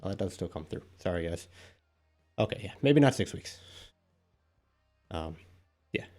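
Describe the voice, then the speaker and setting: A man's voice: low-pitched, animated, a little slow, a little mellow, soft background music. A man chatting casually to his live-stream viewers, out of breath after doing pull-ups and rambling as he thinks aloud. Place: indoors at home.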